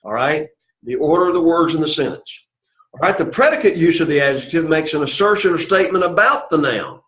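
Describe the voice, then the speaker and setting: This Greek teacher talks briskly in a slightly high, animated, somewhat bright voice. He explains at length during the lecture and keeps checking in with "okay" and "all right," captured in an echoey classroom with dull lo-fi audio.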